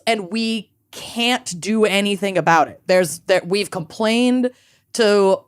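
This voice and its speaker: A woman's voice: medium pitch, slow, clear, resonant tone. A woman co-hosting a podcast, chatting casually and emphatically. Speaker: podcast co-host. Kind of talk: casual chat.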